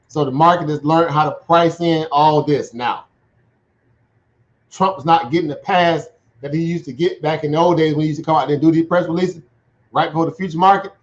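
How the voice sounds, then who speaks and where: Stream host, male, casual market commentary, chatty and laughing, muffled audio. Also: on the high side. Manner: chatty, laughs often, keeps asking "right?". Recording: dull lo-fi sound.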